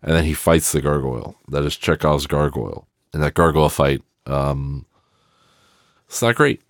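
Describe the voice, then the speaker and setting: A man's voice: a bass voice, fairly even intonation, moderate pace, dry recording, clean studio sound. A man giving a rambling, casual film commentary, swearing freely and trailing off in restarts. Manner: rambling and profane, with many fillers and restarts. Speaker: film reviewer.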